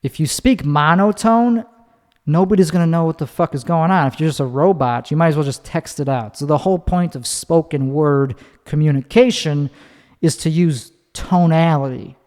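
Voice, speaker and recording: A man's voice: fairly high pitch, moderate pace, darkish tone, big-room sound. A man talking casually in a rambling monologue, swearing and often restarting his sentences. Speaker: podcast host.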